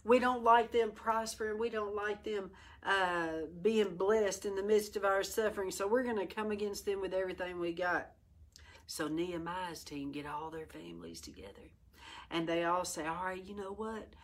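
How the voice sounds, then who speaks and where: A woman's voice: medium pitch, steady tone, normal speed. A middle-aged woman teaching a Bible study, reading scripture and exhorting her listeners with fiery energy. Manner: fiery, exhorting, breaks into laughter and exclamations.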